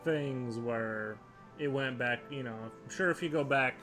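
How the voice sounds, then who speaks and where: A man's voice: medium pitch, measured pace, fairly bright tone, faint music behind. A man hosting a casual livestream, chatting and reading out viewer comments in a rambling, unsure way. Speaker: livestream host. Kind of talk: casual chat while sketching.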